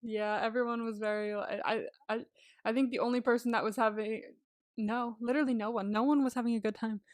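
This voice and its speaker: A woman co-hosts a casual recap podcast in a somewhat high voice, reacting loudly and laughing often. Her voice is recorded dry and close, with no room sound around it. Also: fairly quick, no room sound. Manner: expressive, laughs often, emphatic exclamations. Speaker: podcast co-host.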